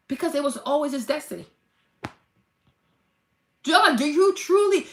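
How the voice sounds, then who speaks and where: Lively high-voiced woman giving a preachy pep talk. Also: roomy sound. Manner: animated, preachy, acts out mock-dramatic quotes, swears casually. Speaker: vlogger. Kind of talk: casual faith-based motivational talk.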